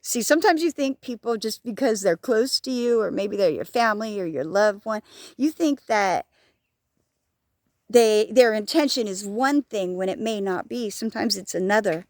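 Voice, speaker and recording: A woman's voice: medium pitch, lively intonation, moderate pace, darkish tone, no echo, clean studio sound. A woman vlogging outdoors on a walk, talking frankly and rambling, swearing freely and joking at herself. She says she is hard of hearing. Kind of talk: casual talking-to-camera vlog.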